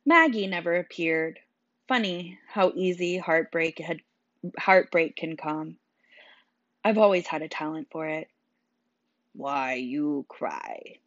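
A woman's voice: on the low side, a little slow, a bit bright, no room sound. A woman narrating a story in the first person with a wry, dry telling. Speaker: audiobook narrator. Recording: dull, dry sound.

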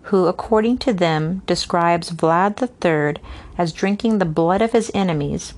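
Casting note: woman, lower-pitched voice, casual read-aloud of a classic novel with asides; steady but stumbles over unfamiliar names. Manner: reads steadily, stumbles on hard names and pauses for unscripted asides. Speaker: reader.

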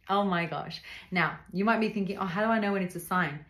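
A woman's voice: mid-range voice, a little fast, fairly bright tone, roomy sound. A woman hosting a podcast, giving casual faith-based advice in an earnest, direct way and speaking straight to the listener. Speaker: podcast host.

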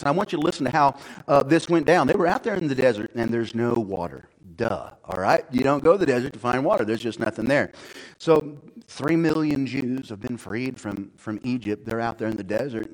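A middle-aged man preaching a sermon in a conversational way, moving from low, quiet stretches to loud, high-pitched emphasis. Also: poor audio. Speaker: pastor.

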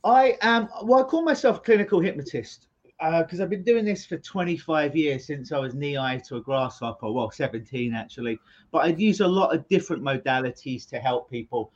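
A man's voice: a little high, fairly quick, muffled recording. London man, jokey hypnotherapist guest. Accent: London English. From England. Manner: jokey, chatty. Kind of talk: casual interview talk.

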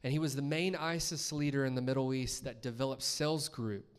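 A man's voice: medium pitch, fairly even intonation, brisk, clear, resonant tone. A man preaching a sermon as a guest speaker in a church, talking conversationally and asking the congregation questions.

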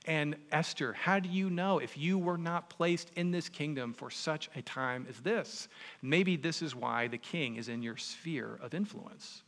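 A man preaching a sermon, retelling a story in an animated, conversational way. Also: on the high side, a little slow. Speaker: pastor. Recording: long reverb in a large hall.

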